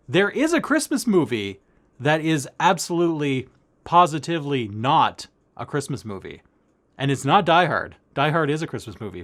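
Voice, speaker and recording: Male cross-stitch vlogger, excitable, stammery, slightly high lively voice. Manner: excitable, stammering, repeats himself. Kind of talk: excited casual monologue to camera.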